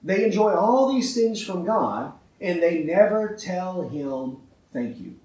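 A man's voice: high voice, animated, slow, a little mellow, roomy sound, distant mic, low-quality recording. A man preaching a sermon with emphasis, often asking his listeners rhetorical questions and checking in with "right?".

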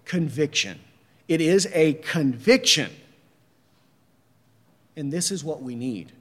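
A male pastor delivering a sermon in a high-pitched voice. He talks to the congregation in a conversational way, checking in with "right?" as he goes. Long reverb from the church hall trails after his words. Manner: conversational, keeps adding "right?". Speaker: preacher.

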